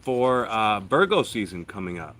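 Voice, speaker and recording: A man co-hosting a casual live chat as the astrologer, explaining ideas in a relaxed way with lots of fillers. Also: lowish voice, moderate pace, slight background noise, poor audio. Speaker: astrologer and co-host.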